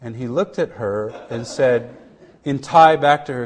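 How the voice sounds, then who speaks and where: A middle-aged missionary man sharing a personal testimony in an earnest, halting way, with many restarts, dropping to a hush at tender moments. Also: mid-range voice.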